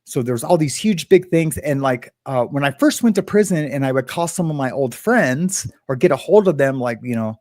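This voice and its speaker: A man's voice: mid-range voice, expressive, moderate pace, few pauses, a little mellow, no room sound, studio quality. A man hosting a casual livestream, greeting viewers by name in a rambling, filler-heavy way. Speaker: livestream host.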